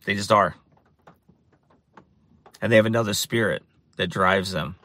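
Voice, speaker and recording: A man's voice: fairly low pitch, measured pace, sharp tone, slight background noise. A man who preaches on the street tells stories in a casual monologue, often repeating phrases for emphasis. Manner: repetitive, restarts phrases for emphasis.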